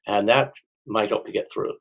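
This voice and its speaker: Middle-aged guy auctioneer, gravelly voice, talks slow and easy, breaks into auction chant. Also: lowish voice, steady tone. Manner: unhurried, with restarts and a sing-song auction chant demo. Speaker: auctioneer and small business owner. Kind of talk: conversational interview answers.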